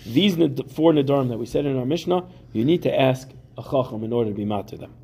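In a classroom, a man leads a Talmud class, reading the Aramaic text before explaining it in casual English with everyday examples. His voice is gravelly, mellow, and dark, relaxed in tone, medium in pitch, and he talks fast.

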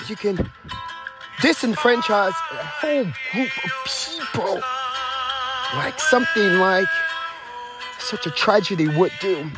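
A male talk show host speaks in a raised voice that swings widely up and down. He pleads and repeats himself like a preacher at a pulpit. Music plays clearly underneath. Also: sits high. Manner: repetitive, emphatic, preacher-like. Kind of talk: impassioned solo monologue.

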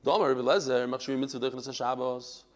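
A man teaching a Talmud class, explaining a passage with animated exclamations and quiet asides, mixing in Hebrew and Aramaic terms. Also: medium pitch, fast.

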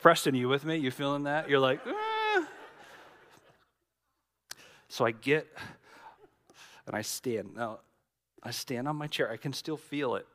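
A middle-aged man, a pastor preaching a sermon with dramatic storytelling, swinging from loud to hushed. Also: mid-range voice, moderate pace, long pauses.

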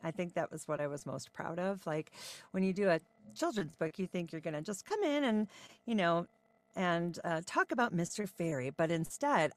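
A woman in her forties, a voice-over artist, chatting upbeat in a podcast interview with frequent ums. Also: low voice.

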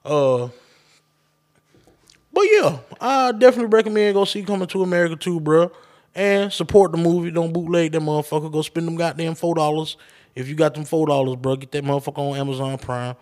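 A man's voice: fairly high pitch, fairly quick, darkish tone. A man hosting his own podcast, ranting casually and profanely straight to his listeners. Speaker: podcast host. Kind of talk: casual solo podcast rant.

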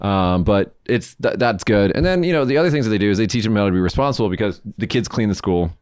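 A man's voice: lowish voice, animated, quick pace, a little mellow, clear, resonant tone, no room sound, clean studio sound. A man from the States hosting a casual podcast, chatting loosely through news stories and swearing offhand. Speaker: podcast host.

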